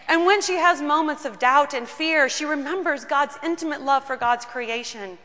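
A woman pastor speaks at a moderate pace from the pulpit, her sermon warm, earnest, and full of personal stories. She has a bright voice pitched a little high. The church adds a long reverb behind her.

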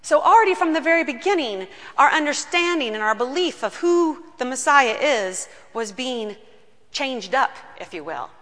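A woman pastor preaching a sermon in a church, telling the story earnestly and slowing down on key words. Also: high-pitched, lively intonation, a bit bright. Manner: earnest storytelling, slows down for emphasis. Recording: long reverb of a large room.

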